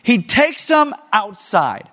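A male pastor delivers a sermon in a conversational style. He keeps his listeners engaged with rhetorical questions. His voice sits high, and his pitch moves in lively swings. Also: slow.

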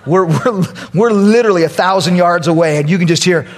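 A male pastor preaching a sermon, telling a funny story and acting out the quotes loudly. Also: fairly high pitch, animated, brisk, slight background noise.

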